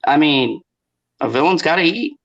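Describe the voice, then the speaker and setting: A man's voice: on the high side, big pitch swings, moderate pace, creaky, fairly bright tone, muffled recording. A middle-aged man hosting a live stream chat, easygoing and jokey. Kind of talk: casual chat.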